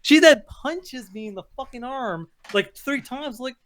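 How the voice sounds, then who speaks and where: A young man telling a story in a casual podcast chat, animated and profane. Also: extremely high pitch, moderate pace, few pauses. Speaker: podcast co-host.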